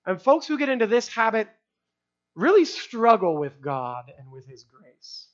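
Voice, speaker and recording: A man preaching a sermon to a live congregation, conversational, often asking "right?" and dropping to a hushed voice for emphasis. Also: high voice, big pitch swings, unhurried. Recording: dull lo-fi sound.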